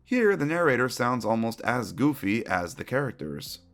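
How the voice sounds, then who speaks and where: A man's voice: medium pitch, sing-song, moderate pace, a bit bright. A man narrating a scripted retrospective commentary, opinionated and wry.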